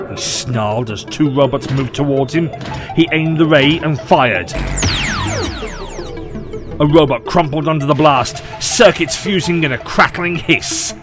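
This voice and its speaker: A man with a mid-pitched voice narrates a short story in a measured, expressive way. Soft music plays faintly underneath.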